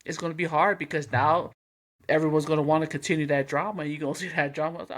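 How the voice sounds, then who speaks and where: A man's voice: on the high side, fairly quick, fairly bright tone. A man co-hosting a podcast in casual chat, blunt and profane but also reflective. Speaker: podcast co-host.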